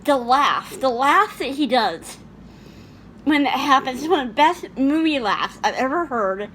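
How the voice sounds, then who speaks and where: A woman's voice: sits high, animated, a little slow, fairly bright tone, slight background noise. A woman chatting casually about her favorite movies, laughing often and restarting her sentences. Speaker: vlogger.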